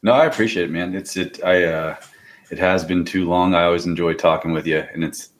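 A man's voice: low-pitched, steady tone, brisk. A man from central Pennsylvania, a strength coach guest, talking in an easygoing, chummy way. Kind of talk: casual podcast chat.

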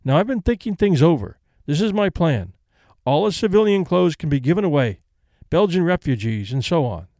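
A man voicing an elderly invalid Englishwoman who speaks in a brisk, composed, decisive way. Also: on the high side, very animated, mellow, no echo, studio quality.

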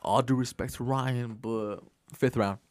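A man in casual podcast chat, relaxed and agreeable, giving mostly short replies. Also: mid-range voice, a little slow.

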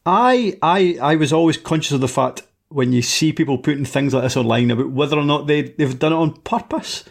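Man, creaky voice, podcast panelist, teasing and measured. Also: on the high side. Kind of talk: casual football podcast chat.

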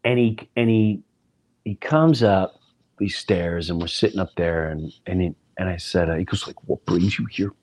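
A man's voice: low voice, moderate pace. A middle-aged man, a comedian hosting his own podcast, telling a rambling story in a casual way and acting out the voices of people in it. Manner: animated, rambling, acts out voices in his stories.

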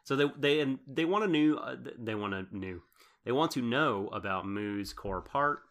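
Bright-voiced man recapping an episode. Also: medium pitch, animated, normal speed. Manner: laughs often, rambles with fillers. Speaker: podcast co-host. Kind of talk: casual podcast recap.

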